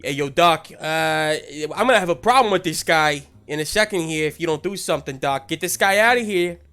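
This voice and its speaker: A man doing a brash, loud-mouthed chimp. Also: fairly high pitch, a little fast, clean tone, natural voice. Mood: annoyed. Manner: brash, pushy, yelling in disbelief.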